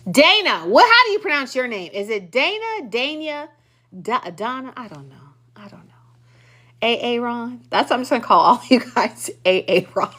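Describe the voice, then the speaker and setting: Animated bright-voiced woman teasing her class. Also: a little high, moderate pace. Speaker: class host. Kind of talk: casual live-class chat with viewers.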